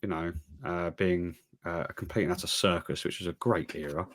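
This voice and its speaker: A man's voice: low voice, steady tone, a little fast, fairly bright tone, no room sound, clean studio sound. A man co-hosting a football podcast, giving opinions in casual chat with many fillers and restarts. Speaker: podcast co-host.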